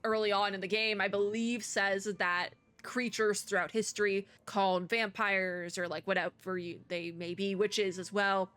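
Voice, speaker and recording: A woman's voice: medium pitch, fairly even intonation, moderate pace, few pauses, a bit bright, smooth. A young woman at home giving casual, reflective commentary on a game's story, chatty and full of filler words. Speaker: game content creator. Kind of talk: casual playthrough commentary, reading story aloud. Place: at home, indoors.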